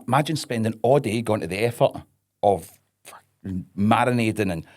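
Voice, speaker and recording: A man's voice: on the low side, expressive, normal speed. A Scottish man, a wrestler guest on a podcast, chatting casually and ranting with lots of swearing and comic exasperation. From Scotland. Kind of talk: casual chat.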